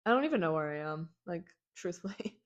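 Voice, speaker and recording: A woman's voice: lowish voice, animated, a little fast, dull audio. A young woman hosting her own podcast, rambling casually with many fillers, swearing and joking irreverently. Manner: chatty, filler-heavy, irreverent, swears and jokes. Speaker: podcast host.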